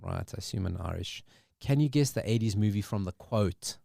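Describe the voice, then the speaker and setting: Man, podcast co-host, low pitch, dry sound, animated quiz reading. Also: fairly quick, gravelly, no echo. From South Africa. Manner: animated, reads movie quotes aloud. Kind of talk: casual chat.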